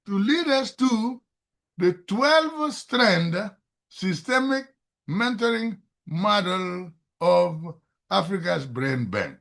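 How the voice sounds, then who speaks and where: An older man giving an emphatic, excitable presentation over a video call, mentoring students on how to excel. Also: high voice, slow, creaky. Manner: excitable, emphatic lecturing that rises loudly when stirred. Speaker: STEM mentor presenting a program.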